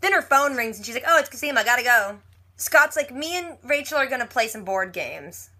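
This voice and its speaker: Lady recapping a tv episode, bright sharp voice, chatty and quick with the quoted bits. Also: on the high side, lively intonation. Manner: chatty, retells scenes with quick quoted lines. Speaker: TV recap vlogger.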